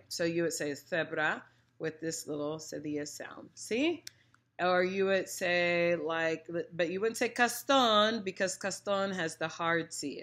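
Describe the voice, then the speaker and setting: Woman, Spanish teacher, casual lesson, chatty, playful, lowish pitch. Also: a bit bright. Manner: chatty, playful, opinionated, demonstrates sounds aloud.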